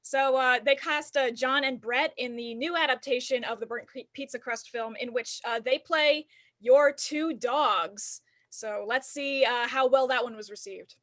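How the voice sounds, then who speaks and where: Bright chatty woman hosting an improv show. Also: sits high, measured pace. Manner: mock-earnest, chatty with fillers. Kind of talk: playful mock-nostalgic show narration.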